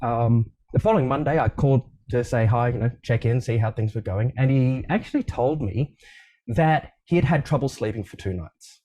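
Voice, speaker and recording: A man with an Australian accent, a leadership coach talking as a guest over a video call, telling stories in a relaxed way with frequent ums and restarts. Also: medium pitch, moderate pace, dull audio. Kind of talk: casual interview conversation.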